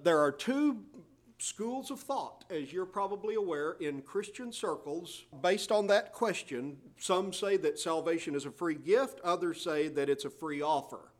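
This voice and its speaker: A middle-aged male pastor delivering a sermon with a slightly higher-than-usual voice. He preaches with strong emphasis, reading scripture aloud in old-fashioned wording between his own explanations. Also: expressive, measured pace.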